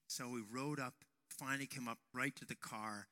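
A man preaching a sermon to young men, telling a personal story and raising his voice to a shout at dramatic moments. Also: mid-range voice. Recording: long hall reverb.

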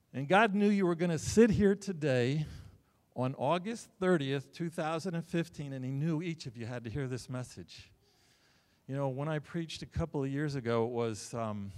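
A middle-aged man preaches in a church, his mid-pitched voice carried by a long hall reverb. He tells stories animatedly, breaking into loud bursts and quick joking asides. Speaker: pastor. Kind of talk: sermon. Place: church sanctuary.

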